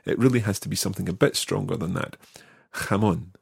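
A man hosting an audio language lesson, patiently explaining and slowing down to model each word. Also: deep voice, gravelly, slightly rough, no room sound, clean studio sound. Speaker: language teacher, podcast host.

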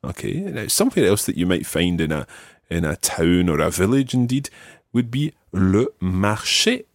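A man hosting a language-learning podcast, teaching patiently and modelling words clearly for the listener. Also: deep voice, sing-song, a little fast, darkish tone, no echo, studio quality. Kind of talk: language lesson with an ad read.

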